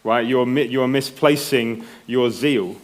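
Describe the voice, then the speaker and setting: A man's voice: mid-range voice, slow pace. A man preaching a sermon in a conversational way, often checking in with the congregation. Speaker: pastor.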